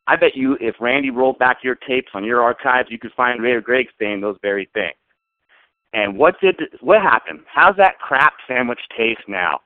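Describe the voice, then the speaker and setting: A man's voice: mid-range voice, animated, moderate pace, no echo. A man calling in to a show, ranting sarcastically and emphatically as a sports fan. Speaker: caller. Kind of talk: fan call-in rant. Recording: tinny phone line.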